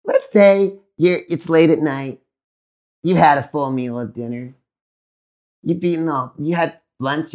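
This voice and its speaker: A man's voice: mid-range voice, vocal fry. A man hosting a live podcast, talking in a playful, rambling way and acting out little voices. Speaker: podcast host.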